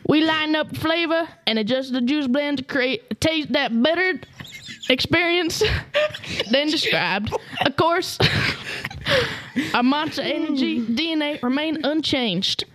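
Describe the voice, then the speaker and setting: A woman's voice: high-pitched, expressive, a little slow, a bit bright, slight background noise. A woman putting on a rural hick accent to read drink-can ad copy, breaking into laughs. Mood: mock-serious. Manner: mock-dramatic, laughing reading.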